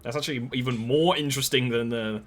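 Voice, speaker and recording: A man's voice: medium pitch, quick pace, soft background music. A man running a tabletop game as game master, describing scenes in a rambling way with many fillers.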